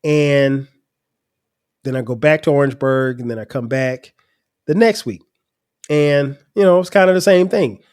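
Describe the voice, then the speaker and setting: A man, telling a personal story on his podcast in a relaxed way and chuckling at his younger self. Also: mid-range voice, moderate pace, long pauses, smooth. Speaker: podcast host.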